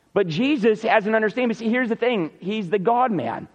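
High-voiced preacher in a reverberant church. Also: male voice, expressive, fairly quick, hardly any pauses, highs cut off. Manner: earnest preaching with emphatic repetition. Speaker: pastor. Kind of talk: sermon.

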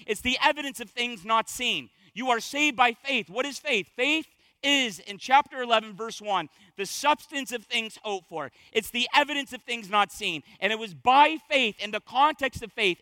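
A man's voice: very high-pitched, bright, forceful tone, dry recording. Man preaching a sermon with emphatic repetition, dry close sound. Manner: emphatic, repeats key phrases for weight.

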